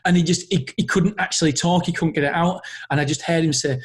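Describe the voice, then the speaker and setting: A man hosting a podcast, talking through a personal story in an earnest, emotional way. His voice sits a bit high with a husky edge, and he often stops and restarts his sentences. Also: fairly even intonation, fast, few pauses. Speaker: podcast host.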